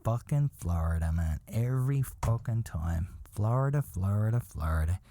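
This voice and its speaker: A man tells a story as a comedy podcast host, swearing constantly and sounding exasperated. His pitch swings all over the place, his tone is dark and mellow, and the close mic sounds dry with no room. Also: moderate pace, dry recording. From from outside the USA. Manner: profane, animated, exasperated rants.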